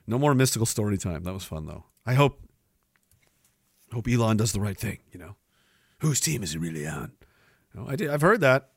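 A man's voice: lowish voice, very animated, normal speed, pauses often, slightly rough, no echo, clean studio sound. A man hosting a livestream podcast, ranting sarcastically with a lot of swearing and frequent laughs. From Canada. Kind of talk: profane ranting chat with viewers.

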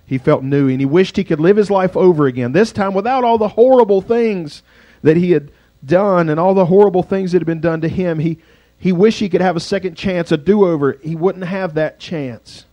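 A man's voice: high-pitched, normal speed, dry recording, highs cut off. Dramatic storytelling male pastor. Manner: dramatic, swings from loud to hushed. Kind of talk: storytelling sermon.

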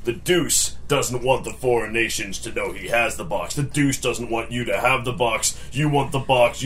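A man playing a tabletop game in character, laying out a heist plan in a fast, rambling patter. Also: fairly low pitch, fairly bright tone. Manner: fast, scheming, explains plans in a rambling patter. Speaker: player. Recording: faint background noise.

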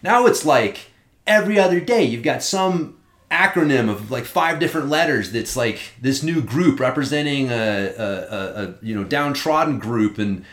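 A man in casual podcast chat, talking in an animated, rambling way and swearing often. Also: medium pitch, normal speed. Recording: roomy echo.

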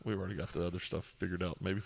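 Low-voiced man hosting a podcast. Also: steady tone, racing, gravelly. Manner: easygoing, joking, rambling. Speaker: podcast host. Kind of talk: casual chat.

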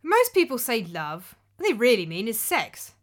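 A woman's voice: a little high, wildly swooping pitch, normal speed. A woman voicing a shrewd middle-aged witch who speaks in a dry, knowing, matter-of-fact way with a surprisingly normal voice.

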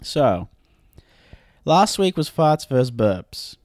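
A playful man co-hosting a podcast in casual chat. He is quick to laugh, and his pitch swings widely. The sound is dry and close. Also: big pitch swings, a little mellow, dry recording. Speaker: podcast co-host.

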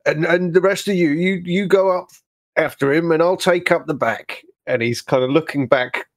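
A man's voice: fairly high pitch, moderate pace, no room sound. Easygoing narrating man, dry sound. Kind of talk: narrating a tabletop game.

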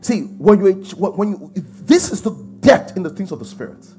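Pastor guy preaching, lively swooping voice, bit high, soft music behind. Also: moderate pace, husky. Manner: emphatic preaching with rhetorical questions. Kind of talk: sermon.

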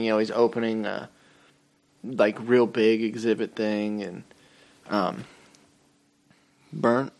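A young adult man co-hosting a podcast, rambling casually with swearing and trailing fillers. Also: mid-range voice. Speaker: podcast co-host. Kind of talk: casual chat.

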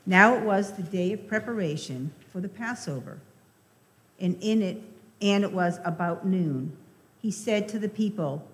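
A woman lector reads scripture at a slow, deliberate pace. Her mid-pitched voice carries a long reverb from a church hall. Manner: measured, deliberate reading. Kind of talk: scripture reading.

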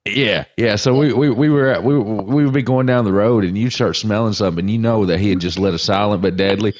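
Low-voiced man telling jokes, dull dry sound. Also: a little fast, dry recording. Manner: relaxed joke-telling. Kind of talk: casual chat.

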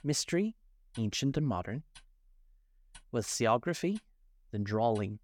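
A man's voice: medium pitch, very animated. A man voicing the Mock Turtle, a melancholy creature who sighs and sobs as he talks, in a storybook reading. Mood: mournful. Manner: mournful, sighing, slow. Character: melancholy sobbing male Mock Turtle, sighing.

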